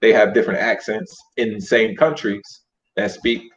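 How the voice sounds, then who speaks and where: Low-voiced guy laying out his points calmly, muffled lo-fi audio. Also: normal speed, slight background noise. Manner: laid-back, counts off points. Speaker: panelist in online discussion. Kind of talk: casual debate chat. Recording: dull lo-fi stream audio.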